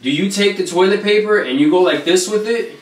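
A man's voice: high voice, brisk. A young man in a casual couple vlog, insistently pleading with his partner from the bathroom. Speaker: vlogger doing a prank. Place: home bathroom. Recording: echoey bathroom, distant mic.

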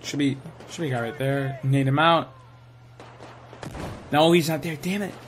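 A young man giving live commentary while playing a shooter game, excitable and swearing, sometimes saying he is tired. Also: mid-range voice, normal speed, slight background noise. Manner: excitable, swears, yells at kills. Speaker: gaming streamer.

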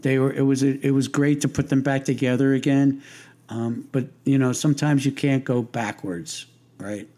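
An older man who works as a lighting designer is an interview guest, speaking in a warm, mid-range voice at a moderate pace with fairly even intonation. His casual anecdotes ramble loosely, full of restarts, fillers, and wise-guy humor.

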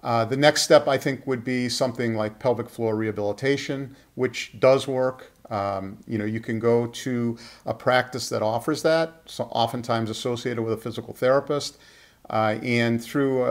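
A middle-aged man who speaks as a urologist, taking viewer questions in a relaxed interview. His voice sits at an ordinary pitch, and he is slow and careful, often stopping on "uh" and "um" to find his words. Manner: measured, hesitant, many fillers. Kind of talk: casual Q&A interview.

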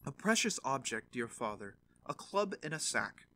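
A man's voice: medium pitch, big pitch swings, normal speed, sharp tone. A man doing a boastful young journeyman. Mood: proud. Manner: boastful, commanding.

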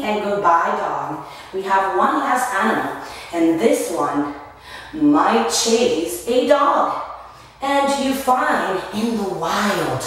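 Female teacher leading kids in chants and animal sounds, very unhurried, recorded far off in a reverberant room. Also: mid-range voice, animated. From Miami area. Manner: slow, sing-song, with animal sounds. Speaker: children's dance and movement teacher. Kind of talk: call-and-response lesson for children. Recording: echoey room, distant mic, faint noise.

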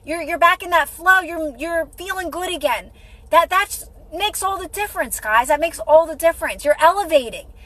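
A woman's voice: very high voice, expressive, normal speed, sharp tone, low-quality recording. A woman hosting a casual motivational livestream, repeating herself encouragingly and greeting viewers by name. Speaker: livestream host.

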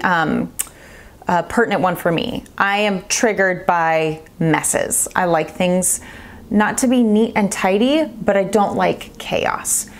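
A woman in her thirties giving earnest parenting advice straight to camera, stressing her points by repeating them. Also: fairly low pitch. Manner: earnest, emphatic, repeats key phrases. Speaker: parenting vlogger. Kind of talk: direct-to-camera advice talk.

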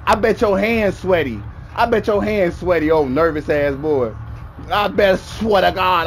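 A man's voice: high-pitched, normal speed, faint music behind. A young man gaming and trash-talking an opponent over voice chat, taunting and mocking, repeating his insults over and over. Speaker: gamer.

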